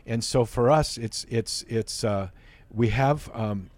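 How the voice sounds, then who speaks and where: A man's voice: medium pitch, slow, a little mellow, dry recording. Earnest man hosting, dry close sound. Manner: earnest, repeats words while searching for phrasing. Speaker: host. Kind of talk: faith talk show conversation.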